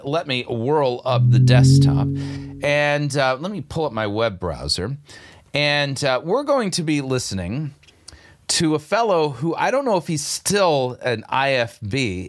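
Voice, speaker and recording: An older man hosting a commentary show, talking through clips with sardonic, incredulous critique. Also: medium pitch. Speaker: show host.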